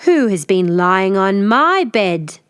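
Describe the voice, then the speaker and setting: Woman doing a growling storybook papa bear, slow and heavy. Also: medium pitch, big pitch swings, a bit bright, clear, resonant tone, no echo, studio quality. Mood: gruff. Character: big gruff father bear, slow and menacing.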